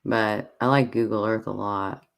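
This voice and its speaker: An easygoing host talking on a home livestream in a mid-range voice. They speak in a halting, think-out-loud way. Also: medium pitch, steady tone, gravelly. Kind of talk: casual livestream chat. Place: home with many devices running.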